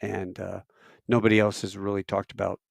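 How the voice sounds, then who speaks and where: The voice is fairly low, monotone and brisk, with vocal fry, no room sound and a clean studio quality. It belongs to a man in airline crew who rambles through stories on a live stream, using fillers and restarts, recorded on a camera mic.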